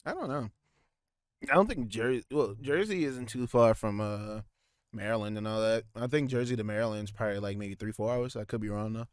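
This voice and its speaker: A man's voice: on the low side, fairly quick, smooth, no echo, studio quality. A man co-hosting a casual podcast, rambling with lots of restarts and fillers. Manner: rambling, many restarts and fillers, slips into goofy put-on voices. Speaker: podcast co-host. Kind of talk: casual chat.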